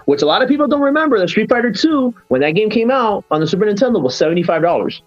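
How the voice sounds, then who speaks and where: Podcast host, man, animated nostalgic storyteller, dry dull lo-fi sound. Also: sits high, rapid-fire, dry recording, soft background music. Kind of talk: casual podcast chat.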